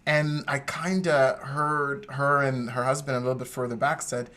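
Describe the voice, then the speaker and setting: Male podcast co-host, animated storyteller, mid-pitched. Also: normal speed. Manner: animated storyteller, acts out quoted voices. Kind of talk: casual storytelling chat.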